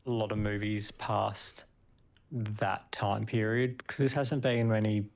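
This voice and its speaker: A man co-hosting a review stream, thinking aloud slowly in casual chat. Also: on the low side, little pitch movement, gravelly.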